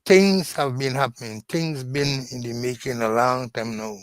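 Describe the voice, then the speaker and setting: A man co-hosting political commentary, speaking in a halting, repetitive way. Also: mid-range voice, dry recording, low-quality recording.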